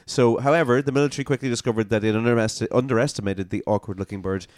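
A man's voice: medium pitch, steady tone, very fast, darkish tone, no echo, studio quality. An Irish man co-hosting a podcast, telling a story with filler words and chuckles. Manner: tells stories with fillers and chuckles. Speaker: podcast co-host. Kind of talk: casual chat.

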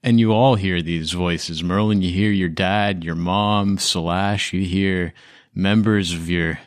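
A man narrating a tabletop role-playing game as game master, describing the scene slowly. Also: low-pitched, steady tone, dry recording, clean studio sound.

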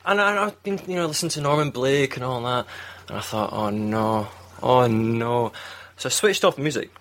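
A man's voice: a little high, animated, fast talker, a bit bright. A man with a Scottish accent telling a rambling, self-mocking story in casual chat, laughing often. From Scotland.

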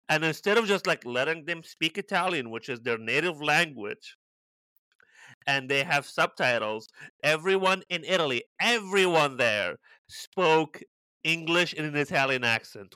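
A man's voice: on the high side, bright, forceful tone, no room sound, rough recording. A man co-hosting a podcast, chatting casually and animatedly, filling his talk with "like" and exclamations. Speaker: podcast co-host. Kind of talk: casual chat.

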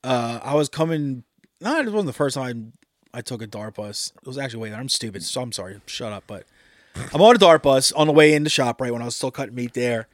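A man rambles through a crude, joking story, swearing freely as he chats. His voice sits at an ordinary pitch and is recorded dry and close, with no room sound. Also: fairly quick, no echo. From Delaware, US. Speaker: podcast co-host. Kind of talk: casual chat.

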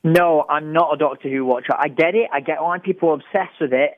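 A man's voice: fairly high pitch, a little fast, no room sound, phone-quality sound. A man calling in to a chat podcast, talking casually in a prim, indignant way about swearing. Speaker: caller.

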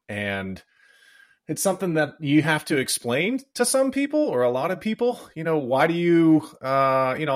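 Low-voiced podcast host, reflective and halting. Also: male voice. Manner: reflective, halting, many fillers. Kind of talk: casual interview chat.

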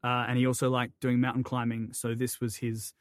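A man who narrates audiobooks, chatting as a podcast guest with quick, self-deprecating wit. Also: medium pitch, monotone, no echo, studio quality. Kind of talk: casual chat.

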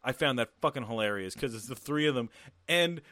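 Casting note: amused, foul-mouthed guy, animated delivery, dry close sound. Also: mid-range voice, fairly quick, dry recording. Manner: profane, amused, lively. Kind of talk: casual chat reviewing a movie.

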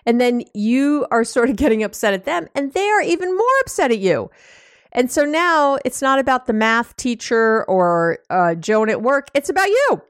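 A woman hosting a relationship podcast, explaining things in a casual, animated way with lots of "you know" and little acted-out exchanges, teasing her listeners fondly. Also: a little high, moderate pace, clean tone, dry recording, studio quality. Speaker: relationship coach and podcast host.

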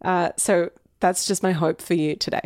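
A woman's voice: fairly low pitch, steady tone, normal speed, darkish tone, no echo, studio quality. A woman hosting a casual solo podcast, chatty and upbeat, poking fun at herself. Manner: chatty, upbeat, self-deprecating, laughs often. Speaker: podcast host. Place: home recording setup. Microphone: headphones and studio mic.

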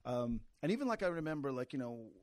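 A man from Canada's East Coast hosting a podcast interview, telling stories quickly and laughing often. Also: medium pitch, sing-song, a little mellow, no room sound, clean studio sound. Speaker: podcast host. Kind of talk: casual interview chat.

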